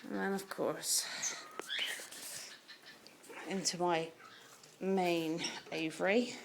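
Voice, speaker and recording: A woman's voice: fairly low pitch, fairly even intonation, extremely slow, gravelly, noisy background. A woman giving a chatty, proud, rambling tour of her aviary, filmed on a handheld camera while she walks. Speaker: bird keeper giving a tour. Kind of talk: casual walk-through tour. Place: backyard bird aviary. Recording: loud birdsong all around.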